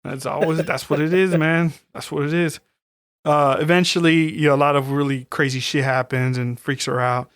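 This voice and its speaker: A man's voice: fairly high pitch, normal speed, smooth, dry recording, studio quality. Profane, chatty podcast guy. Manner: profane, animated storytelling with acted-out quotes. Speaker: podcast co-host. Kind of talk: casual movie recap chat.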